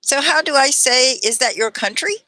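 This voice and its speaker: Bright, effusive woman teacher. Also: high voice, animated, no room sound. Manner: effusive, praising and welcoming; talks slowly at points for learners. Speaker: English teacher hosting a livestream. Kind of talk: live online English class, greeting students.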